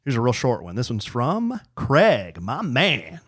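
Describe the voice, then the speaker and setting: A man's voice: medium pitch, wildly swooping pitch, unhurried, fairly bright tone, slightly rough. A man co-hosting a podcast, joking around in a playful, casual way. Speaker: podcast co-host. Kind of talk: casual chat.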